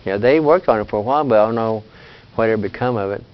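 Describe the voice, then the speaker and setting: An older man with a lowish voice speaks very fast while giving a casual language lesson. He is patient and plain-spoken, often checking in with "you see," and the recording sounds dull and lo-fi.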